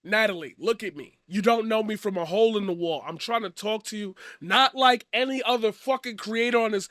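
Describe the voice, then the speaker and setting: A man giving a profane, blunt commentary rant, swinging from loud shouting to quiet earnest talk. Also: sits high, a little fast, hardly any pauses, no echo, studio quality. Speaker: commentary streamer. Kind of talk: ranting commentary.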